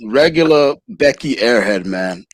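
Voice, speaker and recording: A man with a mid-pitched, lively voice makes laid-back, slangy comments on a podcast. His mic is dry and close, with no room echo. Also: measured pace. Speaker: podcast co-host. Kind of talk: casual chat.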